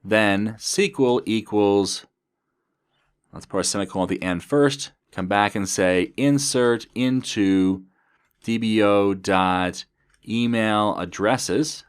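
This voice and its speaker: Slow, deep-voiced man teaching code. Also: smooth. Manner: methodical, talks through code as he types. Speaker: programming instructor. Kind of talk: coding tutorial screencast.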